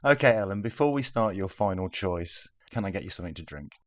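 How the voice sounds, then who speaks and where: A man's voice: sits low, lively intonation, quick pace. A man hosting a podcast, chatting in a friendly, lightly joking way. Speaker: podcast host. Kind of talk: casual chat.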